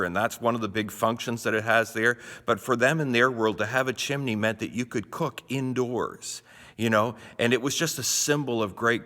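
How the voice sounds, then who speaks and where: A man's voice: medium pitch, pushed and bright. A middle-aged male pastor from Canada giving a short devotional talk in a conversational, folksy way, often restarting his sentences. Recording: long reverb, roomy.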